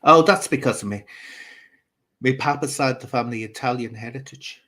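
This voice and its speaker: A YouTube channel host rambles through gossipy livestream commentary, speaking directly to viewers with lots of asides and restarts. His mid-range voice is brisk, pushed and bright.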